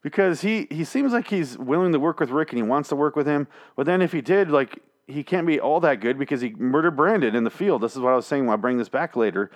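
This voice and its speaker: A man's voice: medium pitch, expressive, fast, few pauses. A man hosting a solo podcast from a small studio, rambling through a casual recap with lots of swearing and jokes. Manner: rambling, profane, jokey. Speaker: podcast host. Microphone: headphones on, studio mic.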